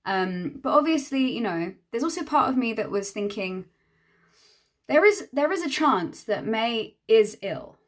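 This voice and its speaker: A woman's voice: fairly high pitch, sing-song, a little slow. A young woman, a hairstylist, telling a chatty, exasperated storytime while doing her makeup, acting out the other people's lines. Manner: chatty, exasperated, acts out quoted dialogue.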